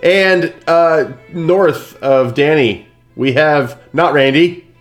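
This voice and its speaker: A man's voice: on the high side, takes it slowly, soft background music. A man hosting a live-streamed tabletop game as game master, chatty and rambling with lots of fillers over a video call.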